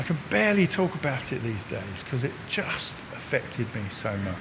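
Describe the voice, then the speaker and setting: With a sing-song delivery at normal speed and few pauses, a visiting English preacher in his sixties gives a chatty, joking talk to his congregation, pulling them in. The church hall gives the recording long reverb and a faint rumble.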